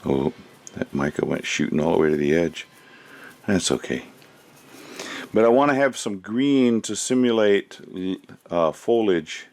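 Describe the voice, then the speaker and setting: Low-voiced man chatting while crafting. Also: lively intonation, unhurried, pauses often, darkish tone. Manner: rambling, chatty, thinks aloud while working. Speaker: resin crafter. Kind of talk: casual crafting commentary.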